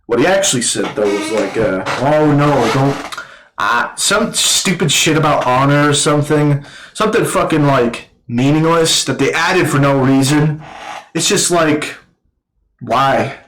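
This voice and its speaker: A man giving a casual, rambling film review, swearing constantly and filling every pause with "like" and "uh.". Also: a little high, lively intonation, fairly bright tone, roomy sound, low-quality recording. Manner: profane, rambling, full of fillers. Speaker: movie reviewer.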